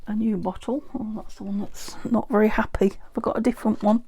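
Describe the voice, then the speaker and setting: Her mid-range voice is gravelly, mellow, and slightly rough, with fairly even intonation and a fairly quick delivery. She is a UK junk journal crafter chatting casually on a craft vlog as she makes something, frequently dropping into half-whispered muttering to herself.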